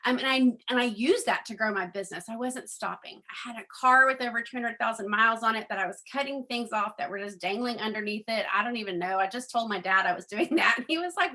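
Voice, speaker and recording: Bright-voiced chatty woman telling a story. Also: a little high, fast, hardly any pauses. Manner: chatty storyteller, acts out quoted dialogue; frequent ums, addresses audience as guys. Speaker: network marketing speaker. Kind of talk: personal testimony speech.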